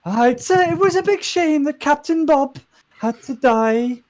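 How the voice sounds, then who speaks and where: A man voicing a proud female ship captain hosting a party, in a high put-on voice with a wobbly Celtic lilt. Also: expressive, unhurried, gravelly, heavily acted, poor audio. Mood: dramatic.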